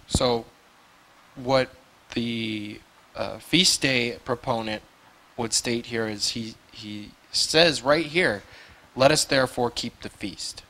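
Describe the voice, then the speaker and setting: Male host, slow and clear scripture reading, bright tone, short prompts to the guest. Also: medium pitch. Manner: reads verses aloud slowly, then prompts the guest. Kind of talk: reading scripture and posing questions.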